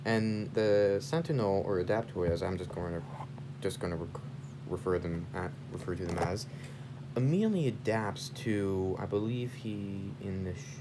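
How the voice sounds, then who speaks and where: A man's voice: fairly low pitch, noisy background. A man casually improvising a fan story, rambling and stopping to search for names.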